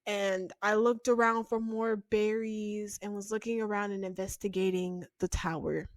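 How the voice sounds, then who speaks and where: A woman's voice: mid-range voice, steady tone, normal speed, no echo. A woman podcast co-host improvising a comedic role-play, giggly and profane, often breaking into laughter.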